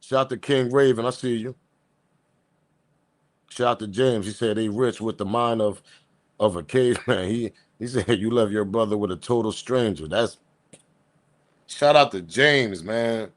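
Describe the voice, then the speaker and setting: A man hosting a live stream, talking in a casual, rambling and slangy way, reacting to a video and shouting out viewers. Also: mid-range voice, a little slow, long pauses, no room sound. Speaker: host.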